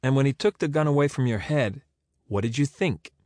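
A man's voice: medium pitch, fairly quick, a little mellow, no echo, clean studio sound, pitched above the performer's own voice, close to an everyday voice. A man voicing a patient, persistent woman investigator who keeps probing with questions.

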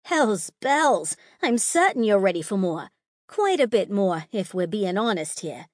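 A woman's voice: medium pitch, very animated, unhurried, no room sound, studio quality. A woman voicing a smug, teasing mother figure with a sing-song, condescending manner in an audiobook.

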